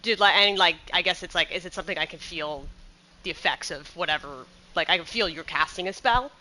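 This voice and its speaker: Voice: medium pitch, fairly quick, bright, forceful tone, rough recording. Casual, rambling tabletop game player. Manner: casual, rambling, heavy with fillers.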